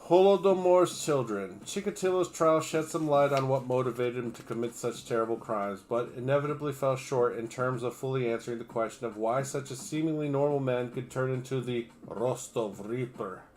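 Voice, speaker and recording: A man's voice: medium pitch, a little fast, few pauses. A man on a livestream reading an article aloud, stumbling over names and breaking off for crude, sarcastic remarks. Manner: reads steadily, breaks off for crude, sarcastic asides.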